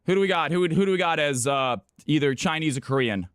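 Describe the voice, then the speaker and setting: A man from California hosts a live stream, talking fast and excitedly to his viewers and repeating himself as he sets up games. His voice sits on the high side for a man. The sound is dry and close, with no room around it. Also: clean tone, dry recording. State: out of breath.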